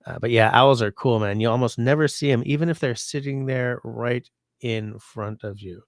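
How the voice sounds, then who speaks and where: A man's voice: mid-range voice, normal speed, dry recording, clean studio sound. A sick man hosting a casual livestream, rambling and reading viewer comments aloud. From Canada. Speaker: livestream host.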